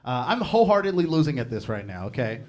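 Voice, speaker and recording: A man's voice: medium pitch, sing-song, fast, a little mellow. A young man performing stand-up comedy, chatty and laughing at his own jokes. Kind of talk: stand-up set.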